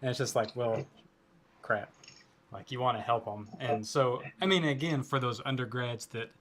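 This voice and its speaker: A man who teaches percussion, chatting casually on a podcast in a lively, emphatic way. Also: medium pitch, fairly quick, crowd noise. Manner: lively, emphatic, quoting others. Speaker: percussion instructor.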